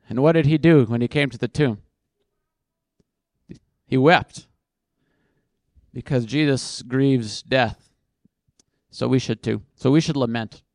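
A man's voice: medium pitch, measured pace, pauses often, darkish tone, dry recording, clean studio sound. A man speaking at a conference and answering audience questions off the cuff, thinking aloud in a casual, self-deprecating way.

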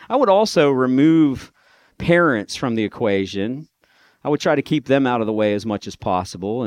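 A man's voice: lowish voice, no echo. A middle-aged man giving a sarcastic talk to a live audience, mimicking other people's voices. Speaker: speaker addressing a live audience.

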